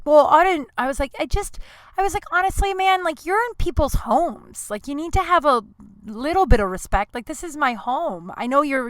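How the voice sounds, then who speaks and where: A woman hosting a casual solo podcast, telling stories in a profane, animated way with sudden loud outbursts. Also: medium pitch, dry recording. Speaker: podcast host.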